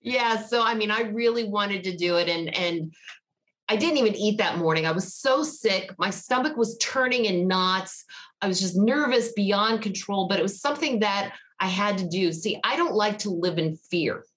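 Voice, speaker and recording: A woman from Georgia speaks with a Southern accent, chatty and quick to laugh. She tells stories from her past in a casual back-and-forth with a podcast host. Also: medium pitch, lively intonation, a bit bright. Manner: chatty storyteller, laughs often. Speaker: podcast guest. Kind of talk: casual interview chat.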